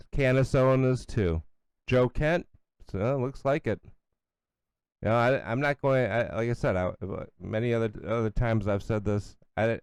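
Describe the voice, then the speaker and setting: Middle-aged male commentary host, blunt and sarcastic. Smooth, resonant voice, close and dry. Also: lowish voice, darkish tone, dry recording. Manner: blunt, sarcastic, scornful, with asides and restarts. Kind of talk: opinionated solo commentary.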